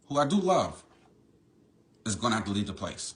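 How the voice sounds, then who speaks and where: A father talking in a controlled, forced-calm way. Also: fairly low pitch, normal speed, long pauses, roomy sound. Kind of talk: confrontational home video.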